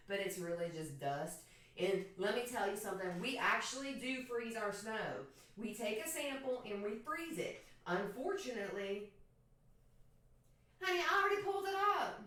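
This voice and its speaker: A woman's voice: a little high, lively intonation, normal speed, fairly bright tone. A woman in her thirties from Florida, telling a profane, joking story casually to her stream chat. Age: 30s. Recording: echoey room, far from mic.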